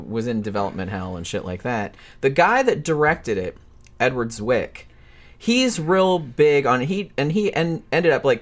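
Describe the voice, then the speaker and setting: A man co-hosting a casual movie podcast, explaining background in long, hedging run-on sentences. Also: mid-range voice. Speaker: podcast co-host.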